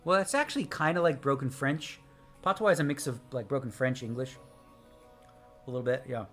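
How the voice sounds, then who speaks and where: A man's voice: mid-range voice, brisk, fairly bright tone, soft background music. A man live-streaming a poker session, chatting casually with viewers in a brash, joking way and answering their chat messages. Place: home streaming setup.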